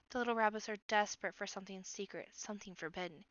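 A woman hosting a read-aloud and narrating a children's book in a lively, expressive way. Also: medium pitch, quick pace, hardly any pauses, no echo, lo-fi sound. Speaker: host reading a book aloud.

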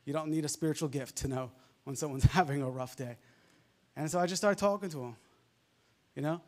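A male preacher with a softened New York accent, delivering a fervent sermon full of amens and hallelujahs. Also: on the high side, fairly quick. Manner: fervent, peppered with amens and laughs.

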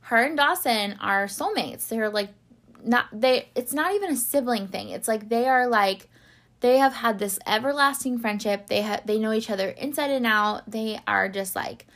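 A woman's voice: fairly high pitch, normal speed, a bit bright. A young woman chatting casually through a TV recap, rambling with lots of fillers and getting teary. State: tearful. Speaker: podcast host recapping a TV series. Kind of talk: casual chat.

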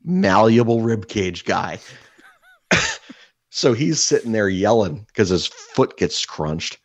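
A man's voice: lowish voice, sing-song, slow pace. A young man co-hosting a podcast, telling rambling, profane stories in casual chat. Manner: swearing, rambling storyteller. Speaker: podcast co-host.

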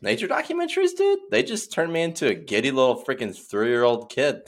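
Young male co-host, excitable and slangy, with a pitch that jumps around. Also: brisk. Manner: excitable, slangy, says dude a lot. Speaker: podcast co-host. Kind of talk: casual chat.

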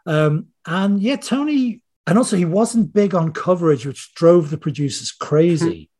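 A man with a slightly higher voice talks as a podcast guest, wandering through anecdotes. He stops and restarts his sentences often and is chatty and informal. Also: lively intonation, a little slow, a little mellow, breathy edge. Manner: rambling, anecdotal, self-interrupting. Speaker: screenwriter guest. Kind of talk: casual interview chat.

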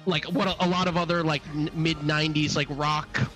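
A man with a high, bright voice speaks haltingly on a podcast, piling up fillers and restarts. Faint music plays behind him. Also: flat delivery, rough recording. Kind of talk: casual music discussion.

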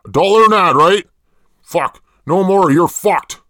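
A man playing a creepy jailed male killer in a comedy parody ad, rambling deadpan and swearing a lot. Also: high-pitched, measured pace, dry recording, studio quality.

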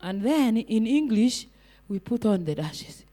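A woman's voice: on the high side, sing-song, a little slow, dark tone. A woman evangelist preaching a sermon, repeating rhetorical questions and calling out to the congregation.

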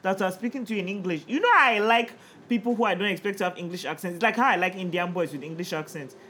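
A woman's voice: mid-range voice, fast, fairly bright tone, slightly rough. A woman co-hosting a podcast in casual chat, blunt, laughing and a little tipsy. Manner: bold, blunt, laughing, profane. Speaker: podcast co-host.

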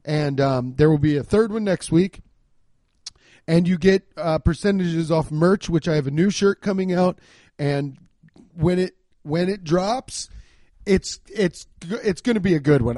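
A man's voice: a little high, measured pace, dark tone, no room sound. A man from Cincinnati hosting a comedy podcast, talking loosely and profanely and restarting his sentences often. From Cincinnati, USA. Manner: rambling, profane, repeats words as he restarts. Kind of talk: casual podcast rant.

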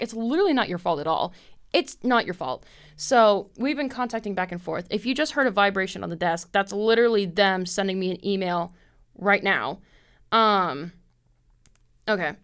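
A young woman in her twenties hosting a casual solo podcast from her apartment, telling stories in an animated way, acting out quoted people in a higher voice and swearing freely. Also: clear, resonant tone. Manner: animated storytelling, acts out quotes in a high voice, swears. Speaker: podcast host.

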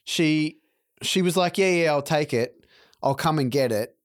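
A man's voice: fairly high pitch, measured pace. A man in casual, sweary chat, often saying yeah. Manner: laid-back, swears often, many yeahs.

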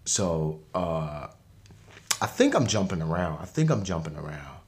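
A man's voice: low-pitched, very animated, unhurried. A man hosting a podcast, recapping a movie in casual slang, rambling with frequent restarts and laughs. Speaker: podcast host.

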